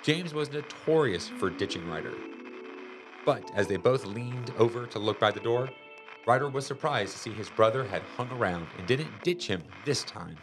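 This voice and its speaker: A man reading a children's chapter book aloud in a lively, expressive storytelling manner. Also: mid-range voice, moderate pace. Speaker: storybook reader. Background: music.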